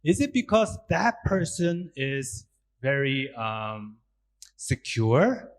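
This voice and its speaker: Speaking slowly in a mid-range voice, a Korean-accented man who is a Buddhist monk gives a public talk. He's animated, putting questions to his listeners and acting out little quotes.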